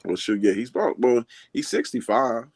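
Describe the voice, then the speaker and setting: A man's voice: medium pitch, big pitch swings, normal speed, a little mellow, no echo. A man calling in by phone to a boxing chat, laid-back and joking in casual talk. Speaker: guest caller.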